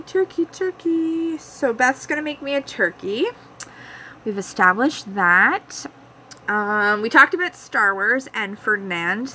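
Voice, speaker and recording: A young Canadian woman with a bright, forward voice chats loosely with her live viewers, calling out their names between stray thoughts. She speaks with an easy Canadian accent at a middling pitch, and a faint hum of noise sits under her voice. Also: rough recording. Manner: rambling, chatty, talks to viewers by name. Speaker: vlogger hosting a live chat. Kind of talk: casual live-stream chat. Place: home.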